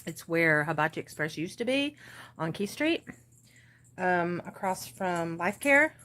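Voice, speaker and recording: A woman's voice: fairly low pitch, expressive, measured pace, fairly bright tone. A woman in her forties with a Southern US accent, rambling casually to her viewers from home about her day, with plenty of fillers. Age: 40s. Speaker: crafting vlogger. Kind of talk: casual vlog chat. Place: at home, indoors. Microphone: tablet or phone camera.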